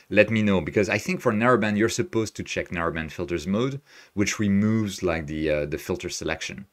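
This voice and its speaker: A man hosting a live astrophotography stream, thinking aloud as he works and cheerfully answering viewers' chat. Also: fairly low pitch. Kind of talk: live-stream screen tutorial, reading chat. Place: home desk, Tokyo.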